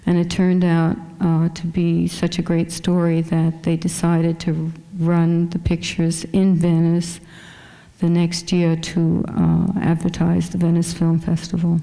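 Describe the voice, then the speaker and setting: A woman's voice: on the low side, dark tone. A woman fashion photographer with a small voice, chatting casually with many fillers as she shows her photos in a museum lecture hall.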